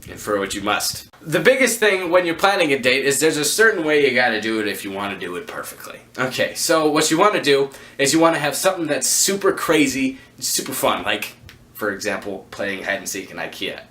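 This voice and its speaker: A man vlogging a rambling storytime to camera, joking at his own expense with quick asides. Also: mid-range voice, sing-song, pushed and bright. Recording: echoey room.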